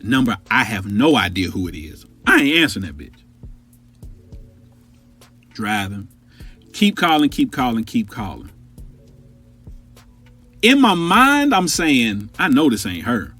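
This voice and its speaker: A man telling a wild personal story on his podcast, with a husky voice that swings up and down. He talks straight to his listeners, loose and profane. Faint music plays under him. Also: mid-range voice, takes it slowly, long pauses. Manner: animated, profane, conversational. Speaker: podcast host.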